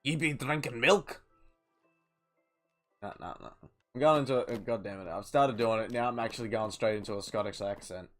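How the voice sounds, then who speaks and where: A male streamer making quick self-mocking asides during a live game, with faint music behind. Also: lowish voice.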